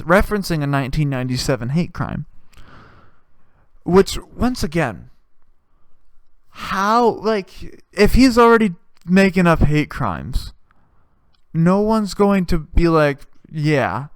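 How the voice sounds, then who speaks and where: A man's voice: high-pitched, clean tone, no room sound. A man hosting a comedy podcast, talking in a rambling, crude and sarcastic monologue full of swearing. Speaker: podcast host.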